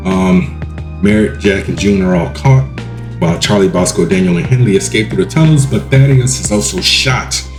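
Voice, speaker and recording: Male podcast host, low voice, casual rambling recap style, echoey room. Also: lively intonation, normal speed, music in the background. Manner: rambling recap with frequent ums and self-corrections. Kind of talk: casual solo review podcast.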